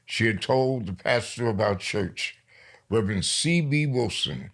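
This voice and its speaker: Older New York man, gravelly voice, lively storyteller guest on an interview show. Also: on the low side. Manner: lively storyteller, slows down for emphasis. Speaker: poet guest.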